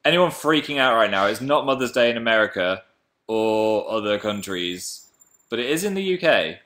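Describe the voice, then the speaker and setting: A man's voice: on the low side, lively intonation, normal speed, fairly bright tone. A man hosting a casual livestream, chatting playfully and reading viewer comments aloud. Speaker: livestream host.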